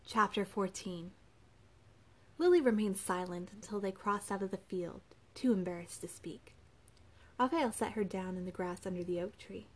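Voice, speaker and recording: A woman narrating a novel in an even storytelling manner. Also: medium pitch, moderate pace. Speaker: audiobook narrator. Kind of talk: scripted narration.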